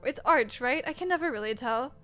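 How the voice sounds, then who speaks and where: A woman's voice: high-pitched, lively intonation, a bit bright, soft background music. A woman streaming a game, chatting casually and playfully and joking with her viewers. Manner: playful, joking, quick to laugh.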